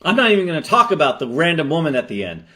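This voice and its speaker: An exasperated director running a botched AI horror shoot, voiced by a man. His voice sits a bit high and his commentary is sarcastic and scolding. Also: very animated, very fast, bright, forceful tone, a little hiss or hum.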